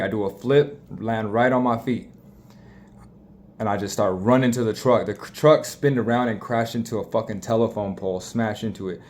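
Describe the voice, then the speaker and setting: A man's voice: lowish voice, darkish tone. A young man casually telling a story, profane and rambling, with frequent restarts.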